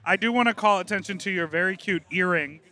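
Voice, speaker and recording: A man's voice: high voice, bright, forceful tone. A man hosting a podcast, interviewing guests at an outdoor hotel pool party with camp, teasing wit. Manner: camp, teasing, quick-witted. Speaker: podcast host. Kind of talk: roving poolside interviews.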